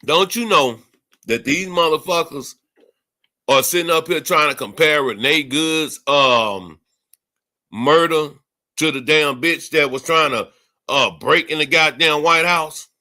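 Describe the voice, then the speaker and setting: Male streamer, furious profane rant, bright forceful tone, higher-pitched. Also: a little slow. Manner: angry, profane, repetitive. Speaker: livestream host. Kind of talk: ranting livestream commentary.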